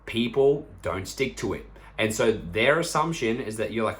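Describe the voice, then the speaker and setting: A man's voice: medium pitch, normal speed, hardly any pauses, a bit bright. A young man hosting a casual solo podcast as a personal trainer, talking bluntly and swearing freely. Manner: blunt, swears freely, acts out friends' lines.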